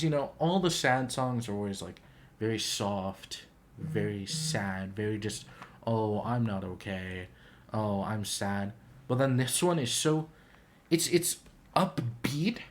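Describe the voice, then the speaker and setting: Man, reaction video host, casual commentary, earnest, heartfelt, medium pitch.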